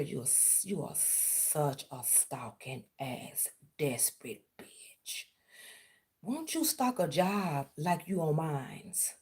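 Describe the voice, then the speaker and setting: A woman with a lowish, dark-toned voice rants on her vlog. In this confrontational callout, she sarcastically accuses someone of spying on her.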